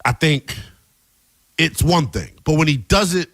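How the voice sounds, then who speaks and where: A man's voice: fairly high pitch, animated, measured pace, fairly bright tone, no echo. A man hosting a late-night sports radio show, talking loosely and conversationally, with slang. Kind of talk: casual sports talk show. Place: radio studio.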